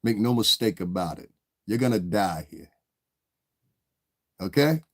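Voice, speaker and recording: Low-voiced profane man ranting at his chat. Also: animated, measured pace, no echo, clean studio sound. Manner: confrontational, profane, rambling, talks back to chat. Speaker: livestream host reading chat. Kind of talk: casual live-stream rant.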